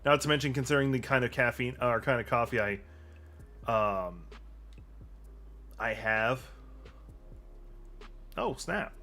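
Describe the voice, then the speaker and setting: A man narrating his own game playthrough in a loose, rambling way. He talks offhandedly, trailing off and restarting as he plays. His voice sits at an ordinary middle pitch. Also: steady tone, moderate pace, long pauses, bright, forceful tone. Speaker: let's play host. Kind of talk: casual gameplay commentary.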